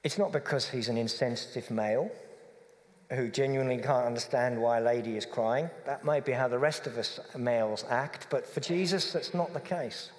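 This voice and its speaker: A man preaching a reflective, conversational sermon that softens to a gentle hush. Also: medium pitch, in a large hall.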